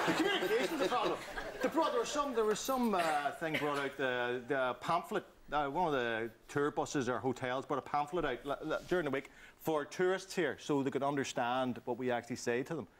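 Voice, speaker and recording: A man's voice: fairly high pitch, normal speed, a little hiss or hum. A man with a Northern Irish accent, a comedy panelist ranting in a mocking, digressive stand-up style. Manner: animated, mocking, digressive storytelling.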